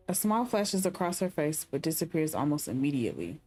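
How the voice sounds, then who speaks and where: Brief: a young female streamer reading game narration and musing aloud, low voice with lively pitch. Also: fairly quick, hardly any pauses, soft background music. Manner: chatty, speculative asides between read-out narration. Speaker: gaming streamer. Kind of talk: reading game text and chatting during a playthrough.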